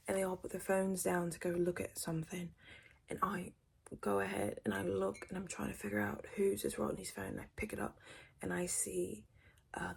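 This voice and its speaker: A young British woman doing a whispered role-play, gossiping quickly and switching between whispers and a soft voice, close to the mic. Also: mid-range voice, gravelly, a little hiss or hum. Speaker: ASMR creator.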